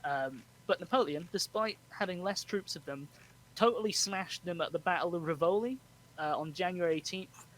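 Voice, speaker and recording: A man hosting a podcast, explaining history in a relaxed chat with frequent laughs. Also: high voice, normal speed, poor audio. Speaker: podcast host. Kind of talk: casual storytelling chat.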